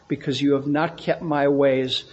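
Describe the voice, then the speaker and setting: Slow-preaching pastor, dull church recording. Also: male voice, medium pitch, flat delivery. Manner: repeats phrases for emphasis, asks the congregation questions. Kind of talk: sermon. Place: church sanctuary with congregation.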